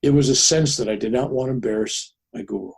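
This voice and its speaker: A man in his seventies, a podcast guest, telling a personal story in an animated way and acting out the people in it. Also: mid-range voice, fast talker, creaky, breathy edge. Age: 70s.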